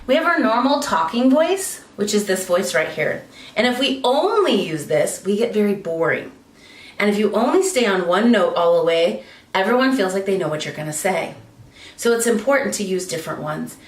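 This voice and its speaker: A woman speaking coach teaching vocal technique, demonstrating by jumping between very high and low pitch. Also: lively intonation, moderate pace, echoey room, far from the mic, low-quality recording. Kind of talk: instructional talk with vocal demonstrations.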